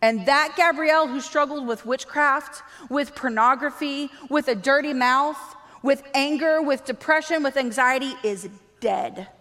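A woman with a high voice preaches a sermon, her words ringing with the long reverb of a large church hall. She is animated and slips into little acted-out exchanges. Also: a little slow, hardly any pauses. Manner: animated, acts out quoted dialogue.

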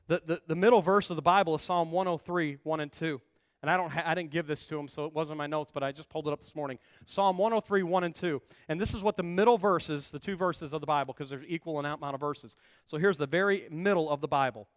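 High-voiced man preaching with rising fervor. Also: fast, dry recording, clean studio sound. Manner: emphatic preaching, building to loud passionate calls. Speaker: pastor. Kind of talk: sermon.

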